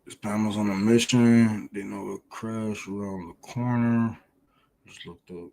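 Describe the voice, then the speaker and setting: A man's voice: on the low side, fairly even intonation, a little slow, creaky, warm tone. A man from Detroit hosting a casual livestream, talking bluntly and heatedly with lots of profanity. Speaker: livestream host.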